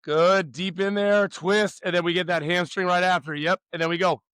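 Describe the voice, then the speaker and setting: Upbeat man coaching a youth warm-up. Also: sits high, fairly even intonation, normal speed, clean tone, dry recording, studio quality. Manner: loud, upbeat, teasing. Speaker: pitching coach.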